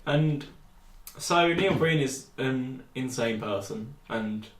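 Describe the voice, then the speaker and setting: A British man co-hosting a podcast in casual chat, animated and rambling, jumping high when he quotes people. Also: slow pace. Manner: animated, rambling, shoots up in pitch when quoting. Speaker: podcast co-host. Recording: echoey room, off-mic.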